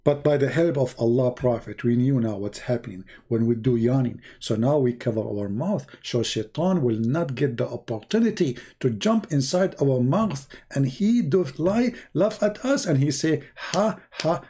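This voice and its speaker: A man's voice: medium pitch, lively intonation, normal speed, hardly any pauses, mellow, husky. A man giving a sarcastic, mocking commentary monologue as an online religious debater, theatrical in delivery.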